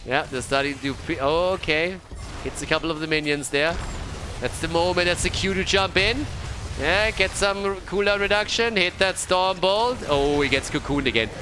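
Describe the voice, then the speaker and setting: A man casting an esports match play-by-play, excitable and laughing often, with casual swearing. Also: high-pitched, normal speed, over music. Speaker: esports caster. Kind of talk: play-by-play commentary.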